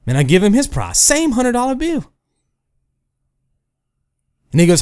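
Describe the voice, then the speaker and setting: A man's voice: very high voice, a little slow, smooth. A man hosting a gaming channel, ranting to camera in a casual way, telling hypothetical stories and often asking "right?". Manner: animated, rhetorical, keeps asking "right?"; storytelling with hypotheticals. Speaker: gaming video host.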